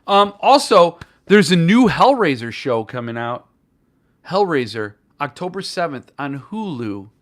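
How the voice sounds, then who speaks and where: A man's voice: a little high, very animated, unhurried, a bit bright. A man hosting a casual live stream about books, rambling and joking as he reacts to chat comments. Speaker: booktuber host.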